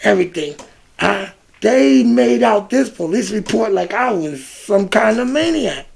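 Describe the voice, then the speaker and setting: A man from Ohio telling a personal story in a casual, animated monologue, acting out the exchanges and filling gaps with "da, da, da.". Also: sits high, measured pace, gravelly. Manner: animated, reenacts exchanges, scat fillers like "da, da, da". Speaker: vlogger.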